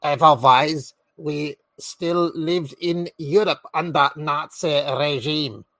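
A man voicing an indignant male European politician in a made-up generic foreign accent, declaiming slowly. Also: on the high side, pushed and bright, dry recording, full character voice.

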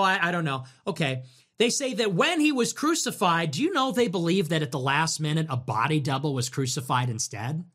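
Animated, high-voiced man ranting on stream. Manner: animated, sarcastic, mocking. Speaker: livestream host. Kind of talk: livestream commentary rant.

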